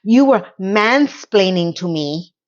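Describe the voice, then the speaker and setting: A woman's voice: mid-range voice, animated, takes it slowly, muffled recording. A woman voicing an uptight middle-aged wife with a strained, clipped, indignant way of talking. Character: tense middle-aged wife, stiff high voice.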